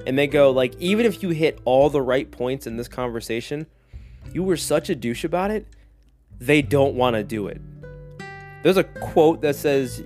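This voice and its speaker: A man hosting a solo podcast, talking casually in a jokey, animated way with lots of tangents. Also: medium pitch, moderate pace, soft background music. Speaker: podcast host.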